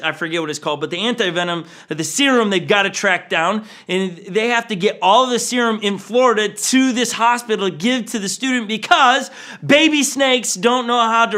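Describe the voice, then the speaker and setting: A young adult male pastor telling a story in a sermon, animated and acting out what people said. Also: sits high.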